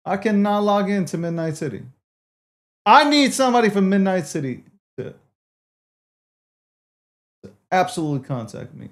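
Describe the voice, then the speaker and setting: A man's voice: high-pitched, sing-song, normal speed, pauses often. A man hosting a livestream, talking casually to his viewers and swearing in exasperation as he repeats himself. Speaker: livestream host.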